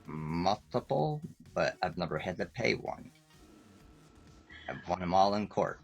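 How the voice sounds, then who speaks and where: Man, talk show guest, rambling storyteller, laughs a lot, low voice. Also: animated, measured pace, vocal fry, soft background music. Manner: rambling, laughs often, acts out quotes. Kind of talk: casual storytelling.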